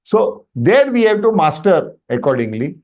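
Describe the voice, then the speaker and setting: A man with an Indian English accent teaches Sanskrit in an online workshop over video call, explaining and checking in with students through questions while mixing Hindi into his English. His high voice is very animated and a little mellow, at normal speed.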